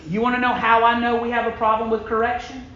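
A man preaching a sermon in a church, emphatic, swinging from loud bursts down to low, quiet lines. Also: completely flat delivery, fast talker. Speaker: pastor. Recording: echoey room, dull lo-fi sound.

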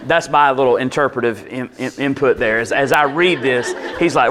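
A man preaching a sermon in a church, reading scripture and adding relaxed, conversational asides. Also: mid-range voice, normal speed, few pauses. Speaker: pastor.

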